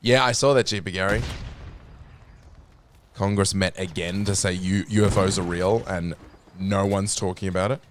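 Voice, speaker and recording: A man streaming a game, chatting casually with a teasing, sweary, deadpan manner. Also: low-pitched, moderate pace, pauses often, slight background noise. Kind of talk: casual gaming chat.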